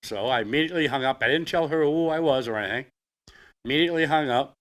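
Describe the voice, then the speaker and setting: An older man with a Boston accent, a veteran telling his own story in a plainspoken, halting way. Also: mid-range voice, a bit bright. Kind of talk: personal storytelling.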